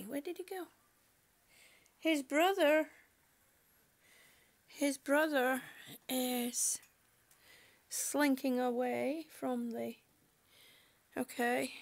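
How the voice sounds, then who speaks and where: A woman with a high-pitched, creaky, slightly bright voice chats casually on a livestream from home indoors. She reads viewer comments aloud and laughs often.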